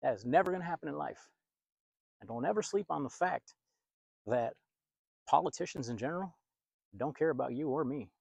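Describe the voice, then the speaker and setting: A man from the United States preaching in a fast, blunt, confrontational monologue. His voice is husky and sits somewhat high. It is recorded close and dry, with almost no room sound. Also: lively intonation, darkish tone, no room sound. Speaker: pastor and video host.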